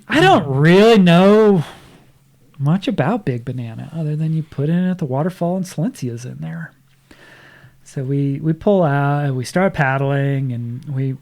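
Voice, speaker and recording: A man's voice: mid-range voice, warm tone. A man talking as a podcast guest, telling a casual story, acting out what others said and laughing often.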